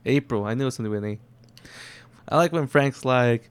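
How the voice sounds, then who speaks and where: A man's voice: medium pitch, fast, clear, resonant tone, dry recording. A man in a casual movie discussion, laid-back, often saying "dude" and "like".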